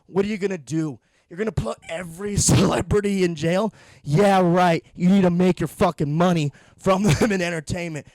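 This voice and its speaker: A man's voice: high-pitched, normal speed, darkish tone, dry recording. A young man ranting through a profane, sarcastic comedy monologue, a little out of breath from pacing. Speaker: podcast host.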